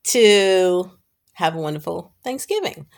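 A woman's voice: on the low side, lively intonation, a little slow, creaky. Upbeat woman co-hosting a chat. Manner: upbeat, encouraging, laughs easily. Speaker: podcast co-host. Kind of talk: casual faith-based chat.

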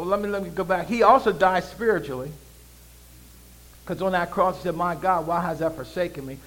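Male pastor, high voice, call-and-response preaching, shifts from loud proclaiming to quiet asides. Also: low-quality recording. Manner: swings between loud proclaiming and low conversational asides. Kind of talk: sermon.

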